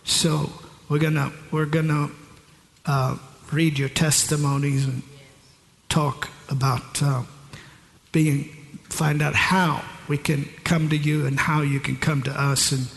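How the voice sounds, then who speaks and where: A man's voice: fairly high pitch, level tone, slow, gravelly, fairly bright tone. A middle-aged male pastor preaching a sermon in a large church hall, asking the congregation rhetorical questions and answering them himself. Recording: echoey hall with long reverb.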